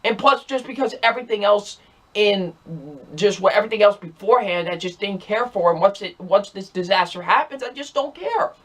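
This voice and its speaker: A man's voice: high voice, lively intonation, brisk, a bit bright. A young man reviewing movies in a casual, rambling and exasperated way, repeating himself often. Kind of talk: casual ranking video.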